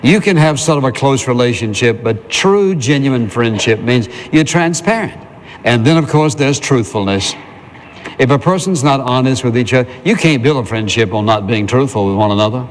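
A man's voice: medium pitch, expressive, normal speed, in a large hall, a little hiss or hum. A male pastor preaching a sermon in a conversational way, asking the congregation questions and answering them himself.

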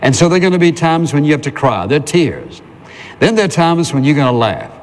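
A man's voice: a little high, very animated, brisk. Man preaching a sermon in an echoing hall. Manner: conversational preaching with rhetorical questions. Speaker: pastor.

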